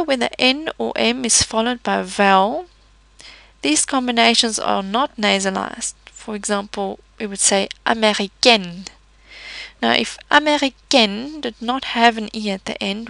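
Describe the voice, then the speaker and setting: A woman teaching a French pronunciation lesson in a patient, methodical way, slowing down to model each word. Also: on the high side, creaky, fairly bright tone, no room sound. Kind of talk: explanatory language lesson.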